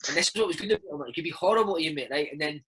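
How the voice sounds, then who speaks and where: A Scottish man in his thirties, a former footballer, telling animated stories in a casual interview and slipping into impressions. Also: on the high side, racing, husky, rough recording. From Scotland. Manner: animated storyteller, slips into impressions of his old coach.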